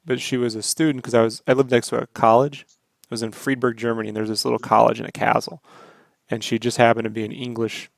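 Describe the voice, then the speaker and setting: An American man chats loosely over an art stream, laughing often and swearing freely. His voice has a gravelly edge. The sound is dry and close to the mic. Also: medium pitch, no room sound. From United States. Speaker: co-host. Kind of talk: casual chat while drawing.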